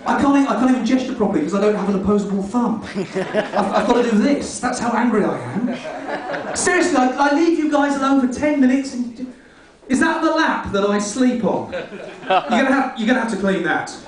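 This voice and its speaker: A man's voice: high-pitched, quick pace, noisy background, natural voice. A man voicing an indignant, disgusted male house cat who scolds and gloats over gory details, in an echoey club room heard from far off. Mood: outraged. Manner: outraged, scolding, gleefully gory.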